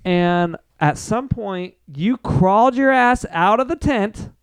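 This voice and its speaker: A young man with a high, smooth voice tells a messy camping story to friends, swearing freely and acting out the lines of everyone involved. The sound is close and dry. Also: slow, dry recording. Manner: swearing, animated retelling. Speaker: podcast co-host. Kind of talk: casual storytelling chat.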